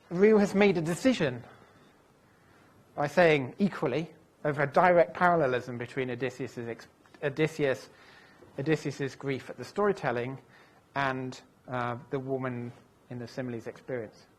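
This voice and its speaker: A man lecturing at an ordinary middle pitch. He thinks aloud as he speaks, pausing on fillers and correcting himself mid-phrase. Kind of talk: recorded lecture walking through translations.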